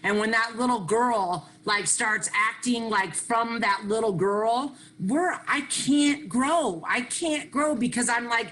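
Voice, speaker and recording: A middle-aged woman, talking into a computer mic on a video call at a recovery workshop. Her voice is bright and forward. She is lively and self-mocking, and she drops "hey" and "okay" into nearly every thought. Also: a little high, slow pace, hardly any pauses, slight background noise, low-quality recording. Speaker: workshop speaker sharing on recovery. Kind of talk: animated recovery share.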